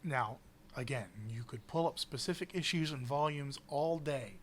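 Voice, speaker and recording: A man's voice: fairly high pitch, moderate pace, a little hiss or hum. A man co-hosting a podcast, chatting casually and airing opinions in long, hedging rambles. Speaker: podcast co-host. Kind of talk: casual chat.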